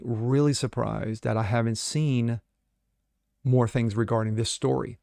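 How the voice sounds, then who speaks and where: Male host, solo commentary; sarcastic, filler-heavy delivery, gravelly voice, close and dry. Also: mid-range voice, steady tone, measured pace, a little mellow, no echo. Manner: blunt, sarcastic, many fillers. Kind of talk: solo commentary reading news and opining.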